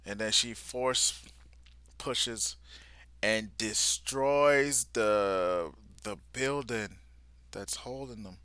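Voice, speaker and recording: Slow, bright-toned man reacting casually. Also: lowish voice, smooth, no echo. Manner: casual slangy talk that drops to near-whispers. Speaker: vlogger reacting live to a manga. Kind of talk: live reaction, retelling a comic.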